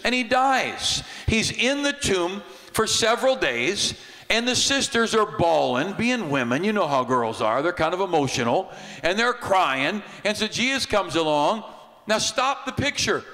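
Folksy American pastor, bright and high, casual sermon in a reverberant sanctuary. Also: male voice. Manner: folksy, humorous, conversational. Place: church sanctuary.

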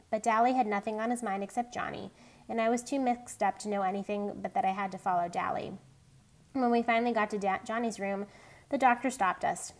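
A woman reading a novel aloud in a steady, plain storytelling manner. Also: medium pitch, creaky. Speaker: reader.

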